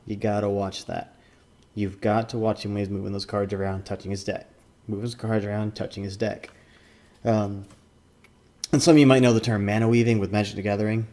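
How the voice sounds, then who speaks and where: A man's voice: lowish voice, dark tone. A man and former card tournament judge giving casual commentary, rambling with lots of fillers and restarts.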